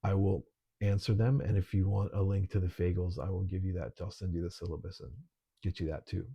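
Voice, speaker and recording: Low husky guy teaching a book class online, easygoing, kinda dull lo-fi audio. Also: brisk. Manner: relaxed, conversational, with frequent ums. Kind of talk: recorded online lesson.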